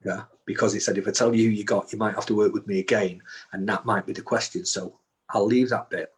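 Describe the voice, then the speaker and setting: Man, low pitch, husky, storytelling guest, acts out quotes, halting restarts. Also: steady tone. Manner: recounts events with repeated restarts and acted-out quotes. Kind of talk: storytelling in conversation.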